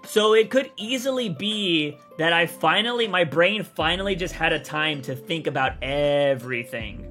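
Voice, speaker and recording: Blunt swearing man with bright hoarse voice. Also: fairly high pitch. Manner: blunt, swears freely, rambling. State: voice feels raspy. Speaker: content creator streamer. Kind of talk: casual livestream chat answering viewers.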